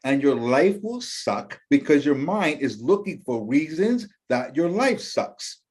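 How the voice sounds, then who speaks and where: A man telling his story in an interview, talking in an animated motivational way and acting out the voices of people he quotes. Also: a little high, unhurried, slightly rough. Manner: acts out quoted voices, lively and emphatic. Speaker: interview guest, empowerment coach.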